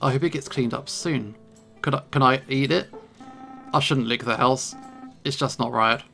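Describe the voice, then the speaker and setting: A playful man commenting on a video game as he plays, mixing jokes with read-out dialogue. His mid-pitched voice has a gravelly rasp, and faint game music runs behind. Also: moderate pace, bright, forceful tone. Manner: playful, jokey. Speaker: gaming channel host. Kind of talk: let's play commentary and reading dialogue.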